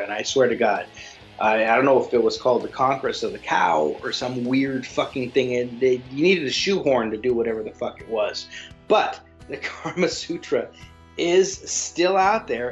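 A man co-hosting a podcast, telling a crude story in a rambling, animated way with lots of restarts. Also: medium pitch, lo-fi sound. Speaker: podcast co-host. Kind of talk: casual chat, storytelling.

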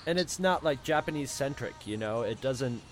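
A man co-hosts a relaxed conversation, working through his points haltingly with frequent fillers and restarts. His voice sits at an ordinary middle pitch. The delivery stays casual and unpolished. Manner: hesitant, many fillers and restarts. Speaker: podcast co-host. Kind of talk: casual chat.

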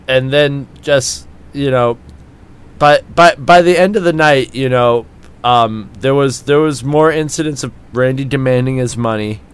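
A man's voice: mid-range voice, clean tone. A man casually telling a drunken story on a podcast, swearing often, laughing and acting out what people said.

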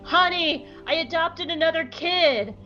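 A woman's voice: extremely high pitch, unhurried, sharp tone, faint music behind, pitched above the performer's own voice, exaggerated voice. A woman jokingly voicing a man, a Jedi father figure, in a sarcastic podcast paraphrase. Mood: mock tender. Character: gruff human man, a Jedi dad. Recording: dull lo-fi podcast audio.

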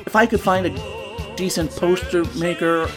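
A man hosting a podcast, recapping a comic book with sarcastic, joking asides and sudden bursts of excitement. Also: sits high, measured pace, over music. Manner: excitable, swings between loud and quiet. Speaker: podcast host.

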